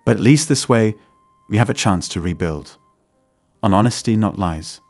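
A man's voice: lowish voice, expressive, moderate pace, darkish tone, faint music behind. A man voicing a determined young woman who speaks firmly and angrily. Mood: firm angry. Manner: firm, angry.

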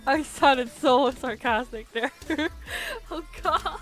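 A woman's voice: sits high, slow pace, few pauses, soft background music. A woman streaming a building game, chatting in a self-mocking way and breaking into laughs and squeals. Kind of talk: casual game-stream commentary.

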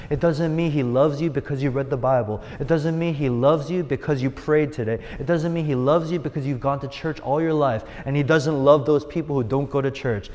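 A man's voice: mid-range voice, a little mellow. A man preaching as a youth pastor, telling stories earnestly and driving points home with repetition. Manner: earnest storytelling with emphatic repetition. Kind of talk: sermon. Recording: long hall reverb.

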